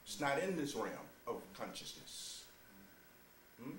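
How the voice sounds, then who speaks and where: A man's voice: sing-song, slight background noise. Man preaching with sudden laughing outbursts. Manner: swings from low, measured lines to loud, laughing exclamations; addresses listeners as "beloved", asks "you see?". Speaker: spiritual teacher. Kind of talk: sermon. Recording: roomy, distant mic with faint ambience.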